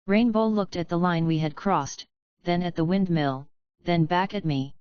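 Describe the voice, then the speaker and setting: Slow, smooth synthetic woman narrator. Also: on the low side, darkish tone, dry recording, dull audio. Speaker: audiobook narrator. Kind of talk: scripted narration.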